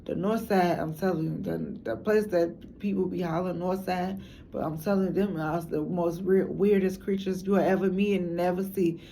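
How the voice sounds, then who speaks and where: This documentary interviewee is a Chicago woman whose accent comes through as she talks casually to camera, rambling, frank, slangy, and quick to laugh. Her pitch is on the low side, her tone warm and steady, and her pace moderate, with a little hiss or hum.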